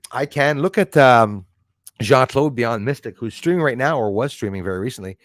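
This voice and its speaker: A man's voice: medium pitch, expressive, normal speed, dry recording, clean studio sound. A man hosting a casual live stream, rambling as he reads out and thanks viewers in the chat. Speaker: livestream host.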